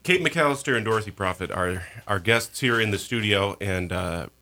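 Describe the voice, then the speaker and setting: A woman hosts a studio radio interview, keeping her prompts short and relaxed. Her voice sits extremely low for a woman. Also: normal speed. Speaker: radio host.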